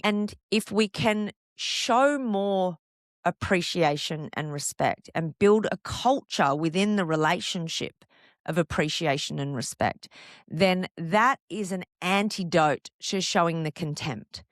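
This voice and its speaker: A woman hosting a podcast on couples' relationships, calmly explaining and asking the listener one rhetorical question after another. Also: lowish voice, slow pace, no room sound, clean studio sound. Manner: calm, explanatory, reassuring. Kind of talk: solo podcast monologue.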